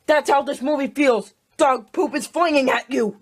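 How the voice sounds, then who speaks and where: A woman's voice: high-pitched, normal speed. A woman ranting in a casual movie review, exasperated and repeating herself. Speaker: video reviewer.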